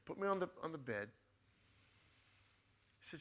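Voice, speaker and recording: A man, a guest author, telling a personal story in casual chat, animated and often restarting his sentences. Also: medium pitch, moderate pace, long pauses, very noisy.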